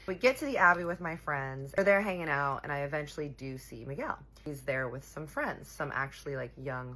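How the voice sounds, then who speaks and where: A young woman telling a casual storytime, chatty and animated, with lots of 'like'. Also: low voice.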